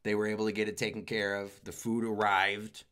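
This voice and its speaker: A man's voice: lowish voice, little pitch movement, a little fast, fairly bright tone, clean tone. A man co-hosting a podcast, joking and swearing through casual banter and laughing often. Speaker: podcast co-host.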